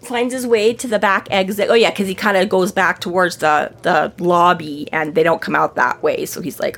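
A woman co-hosting a podcast in casual book-discussion chat, retelling scenes with lively put-on voices. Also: on the low side, normal speed, creaky, few pauses. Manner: animated retelling, puts on voices for quotes. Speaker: podcast co-host.

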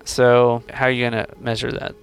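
A man hosts a conversational coaching interview, and his voice has a gravelly creak at a middling pitch. He keeps prodding with questions, playful but encouraging. Faint music sits quietly beneath him. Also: monotone, normal speed. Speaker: host coaching a student.

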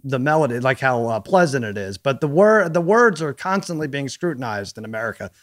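A man's voice: medium pitch, sing-song, a little fast. Playful man hosting a podcast. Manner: playful, quizzing. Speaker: podcast host. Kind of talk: casual chat.

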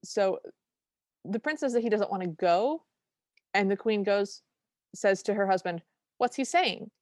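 A woman talks through a film in casual podcast chat, bubbly and quick to act out lines she quotes. Her voice is mid-pitched. It sounds dry and close, with no room around it. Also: darkish tone, no room sound. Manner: enthusiastic, acts out quoted lines. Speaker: podcast co-host.

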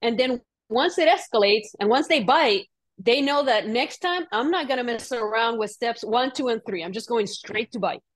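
A woman's voice: a little high, normal speed. Earnest woman explaining in conversation. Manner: earnest, explanatory, uses fillers like "right?". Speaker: podcast host. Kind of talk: casual interview conversation.

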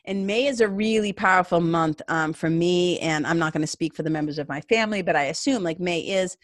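A woman's voice: fairly low pitch, a little fast, no echo, studio quality. A woman spiritual coach talking earnestly and casually to her followers, with plenty of fillers and restarts. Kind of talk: casual motivational talk to followers.

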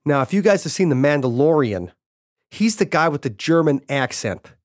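A man's voice: fairly high pitch, big pitch swings, normal speed, dry recording, studio quality. A man hosting a podcast, casually retelling a story and paraphrasing people's quotes in a loose, chatty way. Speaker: podcast host.

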